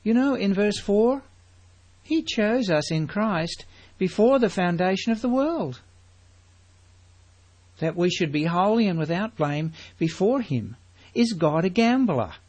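A man's voice: high voice, big pitch swings, unhurried, long pauses, a little mellow, breathy edge. A man preaching a sermon, emphatic and full of rhetorical questions to his congregation.

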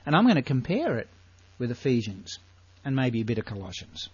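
An older man with an Australian accent teaching the Bible in a sermon, full of rhetorical questions and drawn-out emphasis. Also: medium pitch, big pitch swings, slightly rough, dry recording, muffled recording.

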